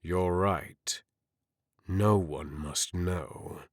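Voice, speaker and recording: A man's voice: low-pitched, extremely slow, dry recording, studio quality, voice pushed down, exaggerated voice. A man voicing a cold, threatening, power-hungry lord in an audiobook. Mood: menacing. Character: scheming older lord, menacing and power-hungry.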